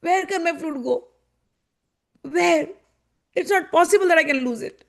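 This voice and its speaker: A woman's voice: a little high, normal speed, creaky, darkish tone. A woman voicing a young male god who pleads tearfully and searches anxiously for his lost flute. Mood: tearful pleading. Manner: pleading, tearful, repeated questions.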